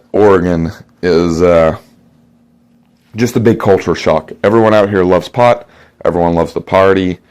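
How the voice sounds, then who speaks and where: A man's voice: lowish voice, darkish tone. A male stand-up comedian telling rambling, profane stories in a comedy set.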